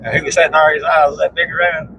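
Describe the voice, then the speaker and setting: A man's voice: on the high side, level tone, fast talker, creaky, noisy background. Salty man spinning yarns. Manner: rambling, salty, laughs at his own stories. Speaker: storyteller in conversation. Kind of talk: casual storytelling. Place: inside a moving vehicle.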